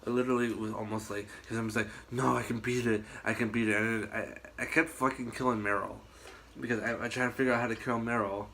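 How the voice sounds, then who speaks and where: A man chatting casually on a podcast, telling rambling, animated stories and swearing often. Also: mid-range voice, fast, gravelly, slight background noise. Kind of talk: casual chat.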